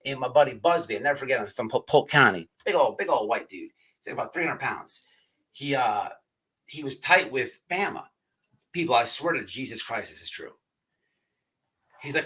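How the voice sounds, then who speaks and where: A man spins a long, rambling yarn to his livestream viewers, repeating himself and swearing freely. His voice is bright and forward at an average pitch. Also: lively intonation, normal speed, pauses often, slightly rough, rough recording. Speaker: podcast host. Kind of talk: casual storytelling on a livestream.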